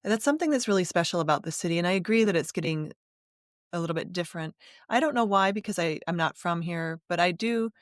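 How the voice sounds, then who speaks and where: Low-voiced woman hosting an interview. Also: quick pace, dry recording, studio quality. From United States. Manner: attentive listener with short affirmations, animated when telling her own story. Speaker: podcast host. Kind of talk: conversational interview.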